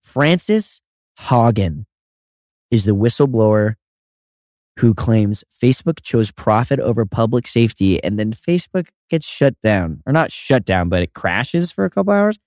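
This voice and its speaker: A man's voice: medium pitch, very animated, a little slow, darkish tone, dry recording, clean studio sound. A young man co-hosting a podcast, playful and self-mocking in casual chat. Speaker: podcast co-host.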